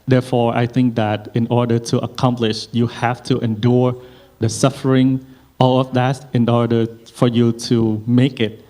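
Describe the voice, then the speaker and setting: A man's voice: medium pitch, little pitch movement, moderate pace, mellow. A man asking his teacher a question, hesitant and full of fillers.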